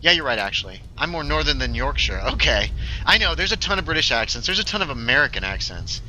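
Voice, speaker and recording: A man's voice: medium pitch, sing-song, fast, bright, forceful tone, slight background noise, low-quality recording. A man chatting casually while streaming a story game, joking with his viewers. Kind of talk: casual gaming livestream commentary.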